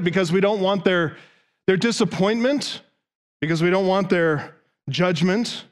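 A man preaching a sermon, driving his point with long runs of rhetorical questions. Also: high-pitched. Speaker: pastor.

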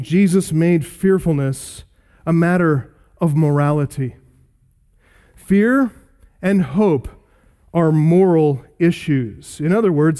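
Earnest preacher man, mellow voice. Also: a little high. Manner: earnest, emphatic, repeats key phrases. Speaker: pastor. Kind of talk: sermon.

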